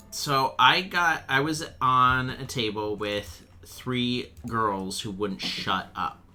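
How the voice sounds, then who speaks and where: A young man chatting while he plays a game, telling a rambling, animated story and swearing freely. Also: medium pitch. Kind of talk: casual storytelling chat.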